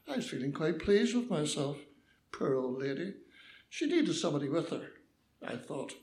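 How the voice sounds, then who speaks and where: Older Northern Irish storyteller, roomy sound. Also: male voice, a little high, moderate pace. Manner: lively, mischievous, acts out voices. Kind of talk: personal anecdote storytelling.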